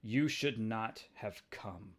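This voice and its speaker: A man hosting a casual comic book review, excitable and rambling as he nerds out. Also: on the low side, slow, slight background noise. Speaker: comics video host.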